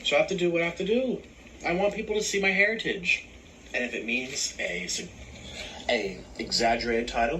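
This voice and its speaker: A man's voice: on the high side, moderate pace, slight background noise, poor audio. Sarcastic man ranting on a vlog. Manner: sarcastic, animated, complaining. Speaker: vlogger. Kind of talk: casual vlog rant.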